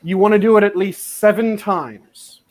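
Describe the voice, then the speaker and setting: A man hosting a casual cooking chat over a video call, explaining techniques in a relaxed, profane way. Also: high voice, moderate pace.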